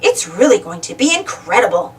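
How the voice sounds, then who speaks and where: A woman's voice: medium pitch, brisk, recorded from a distance, close to an everyday voice. A woman voicing an eager, greedy male cartoon duck, who exclaims a lot, a little away from the mic. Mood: curious. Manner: excitable, exclaiming.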